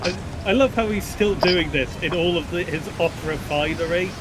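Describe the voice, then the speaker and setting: Man, gameplay banter, dry humor, slightly higher voice, game noise behind. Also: normal speed. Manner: dry, joking. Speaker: streamer. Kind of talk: casual gameplay chat. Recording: game sound playing underneath.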